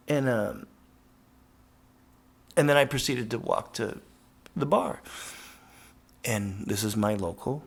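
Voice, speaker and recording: A professional skateboarder telling a casual, profane, rambling story with lots of fillers. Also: male voice, medium pitch, slow, gravelly, long pauses.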